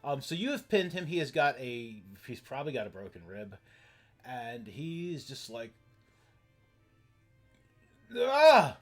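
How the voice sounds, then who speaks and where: A man serves as game master for an online tabletop session. He talks his way through the rules with plenty of ums and restarts. His pitch rises and falls in a lively, sing-song way. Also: soft background music. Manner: rambling, halting explanations full of fillers.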